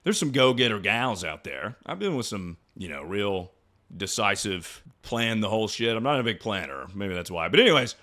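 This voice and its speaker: A man's voice: on the low side, very animated, normal speed, bright, forceful tone. A young man streaming, riffing on viewer stories in crude, rambling casual chat. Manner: rambling, joking, trails off into mumbles.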